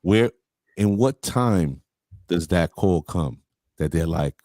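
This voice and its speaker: A man's voice: low-pitched, expressive, slow, warm tone, no echo, clean studio sound. A man hosting a casual interview, asking questions in a laid-back, playful way. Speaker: host.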